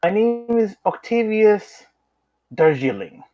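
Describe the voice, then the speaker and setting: Brief: animated tabletop player, joking in character. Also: medium pitch, takes it slowly, lo-fi sound. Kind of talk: in-character tabletop role-play.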